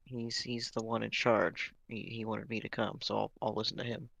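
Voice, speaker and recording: A man playing a character in a tabletop game, hesitant and soft-spoken. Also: lowish voice, flat delivery, moderate pace, gravelly, no room sound, dull audio. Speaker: player. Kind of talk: casual tabletop role-play.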